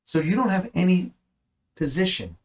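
A man with a somewhat high, husky voice teaches scripture in an easygoing, conversational way. He speaks earnestly and leans into his points with sudden emphatic bursts. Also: big pitch swings, normal speed, poor audio. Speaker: Bible teacher.

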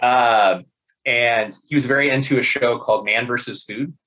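A man in casual conversation, telling funny work stories in an animated way, laughing often, with many fillers and restarts. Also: mid-range voice, moderate pace, rough recording. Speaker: podcast guest. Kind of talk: casual storytelling.

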